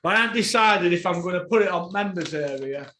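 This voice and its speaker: Bloke ranting and swearing, high bright voice, echoey room. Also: male voice, animated, quick pace, a little hiss or hum. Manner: profane, ranting, bursts into shouting. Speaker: boxing podcast host. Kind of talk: ranting podcast chat.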